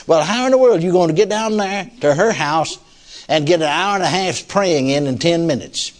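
A man's voice: on the high side, expressive, moderate pace. An older man, a pastor telling a folksy sermon story, chuckling often and saying "you see.".

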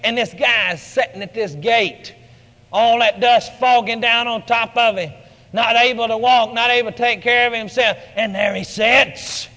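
Guy preaching, high bright voice, big dramatic storytelling, echoey hall. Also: normal speed. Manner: dramatic storytelling, rising to shouts. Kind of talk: sermon.

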